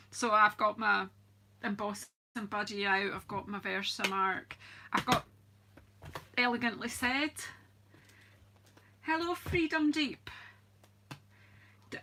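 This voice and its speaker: Bright-voiced chatty Scottish woman. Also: on the high side. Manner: chatty and homely, greets viewers by name, laughs often. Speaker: craft demonstrator, channel host. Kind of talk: live-stream crafting demo, casual chat.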